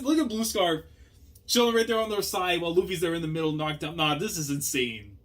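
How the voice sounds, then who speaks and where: A young man hosting a manga reaction, talking casually in slang and swinging between low muttering and loud outbursts. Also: lively intonation, a little fast.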